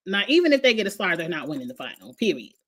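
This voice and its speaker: A woman's voice: fairly low pitch, big pitch swings, fast talker, fairly bright tone. Woman ranting about reality tv, blunt and opinionated, cusses a lot, aave. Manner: blunt, opinionated, swears freely. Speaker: host. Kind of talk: casual reality TV recap.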